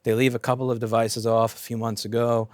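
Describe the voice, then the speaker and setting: A man's voice: mid-range voice, level tone, brisk, no echo, clean studio sound. A man who owns a repair shop and hosts the channel, speaking in a casual opinion rant. He is blunt and profane and repeats himself as he talks.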